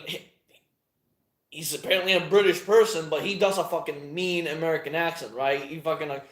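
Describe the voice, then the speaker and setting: A man talking casually in a rambling monologue, swearing often and trailing off with plenty of fillers. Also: on the high side. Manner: profane, meandering, halting with many fillers. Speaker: channel host. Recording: echoey room.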